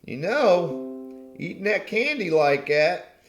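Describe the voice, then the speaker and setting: A man's voice: high voice, sing-song, takes it slowly, soft background music, pitched above the performer's own voice, full character voice. A man voicing an old man on his porch who gives a folksy warning in a joke. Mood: cautioning. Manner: folksy, cautioning. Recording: roomy echo.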